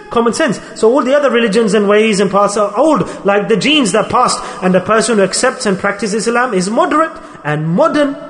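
A man preaches an emphatic sermon in a high voice, pressing his points hard and then dropping to a hush. His words ring in a large hall with a long reverb trailing behind. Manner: emphatic, swings between loud exhortation and hushed softness. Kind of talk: sermon with storytelling.

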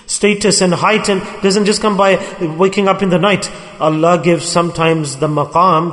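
A man's voice: high voice, big-room sound. A man preaching a sermon to his brothers, telling stories and acting out the quoted voices of the people in them. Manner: storytelling, acts out quoted speech.

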